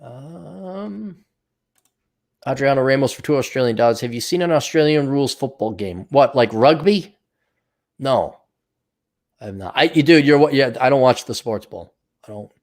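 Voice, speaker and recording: A man's voice: medium pitch, lively intonation, normal speed. A man hosting his own show, ranting in a sarcastic, profane, mocking way. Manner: mocking mimicry of others. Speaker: show host. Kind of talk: livestream rant.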